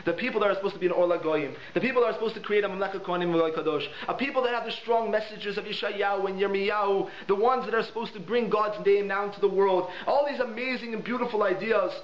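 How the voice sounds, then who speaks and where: Male rabbi, lively teaching style with heavy repetition; high voice, muffled lo-fi recording with faint hiss. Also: fast talker, few pauses. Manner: animated, repeats words for emphasis. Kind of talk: holiday Torah lesson with storytelling. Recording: echoey room, dull lo-fi sound, faint hiss.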